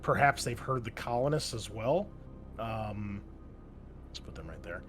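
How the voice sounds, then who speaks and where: A man narrating a tabletop role-playing game as game master, pausing often with fillers and restarts. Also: lowish voice, lively intonation, a bit bright, faint music behind. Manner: halting, many fillers and restarts.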